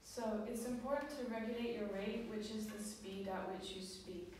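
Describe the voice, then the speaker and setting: A woman's voice: medium pitch, steady tone, moderate pace, a little mellow. A young woman giving a student class presentation, reading her points with frequent fillers. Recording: echoey room, far off, with background noise.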